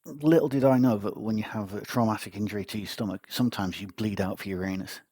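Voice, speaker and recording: Guy with a low husky voice rambling through a funny hospital story, dry close sound. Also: steady tone, fast, darkish tone, no echo. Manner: wry, self-mocking storyteller. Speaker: podcast host. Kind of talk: casual anecdote telling.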